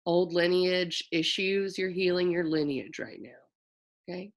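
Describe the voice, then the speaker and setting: A woman's voice: on the low side, measured pace. A woman astrologer giving a loose, chatty forecast, often stopping to correct herself and tossing in slang. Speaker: astrologer host.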